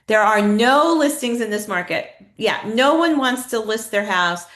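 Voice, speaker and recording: A woman's voice: fairly high pitch, animated, a little slow, a bit bright. Woman running an online training, chatty, keeps asking the group stuff, bit of room echo. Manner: conversational, asks the audience questions, reads chat replies. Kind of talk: live online training talk. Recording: echoey room.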